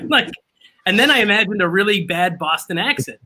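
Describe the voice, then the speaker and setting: A man's voice: high voice, animated, moderate pace, bright, forceful tone, rough recording. A man hosting a casual chat over drinks, laughing often and making fun of himself. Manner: laughs often, self-mocking.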